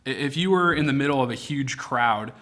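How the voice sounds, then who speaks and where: A man preaching an online youth sermon, retelling a scripture story in a casual, animated way with dramatic quoted lines. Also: medium pitch, a little fast. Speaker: youth pastor. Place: online youth ministry broadcast.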